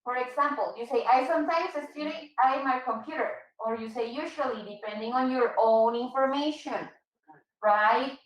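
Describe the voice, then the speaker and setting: Woman, English teacher, patient, high voice, echoey room. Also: moderate pace, far from the mic. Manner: patient, switches to Spanish to explain. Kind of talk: online English class.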